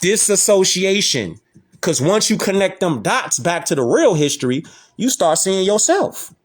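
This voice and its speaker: A man's voice: high voice, big pitch swings, measured pace. A man hosting a casual lecture, talking emphatically in slangy street talk and repeating rhetorical questions. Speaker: host. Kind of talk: casual lecture showing images.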